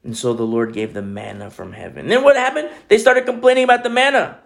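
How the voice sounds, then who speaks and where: A man's voice: high voice, fairly even intonation, quick pace, gravelly. A man preaching a casual sermon as a pastor, chatty and joking, with many restarts and fillers, in a small home church room. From Peru.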